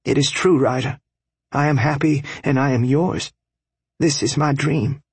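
A man voicing a gentle, devoted young woman in an audiobook, in a soft, breathy, earnest voice raised well above his own. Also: mid-range voice, steady tone, measured pace, dry recording, voice pushed up.

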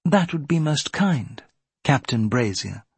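A man voicing a disapproving older aunt in a period story, with a prim, sharp manner. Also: mid-range voice, big pitch swings, slow, breathy edge, no room sound, voice pushed up, full character voice.

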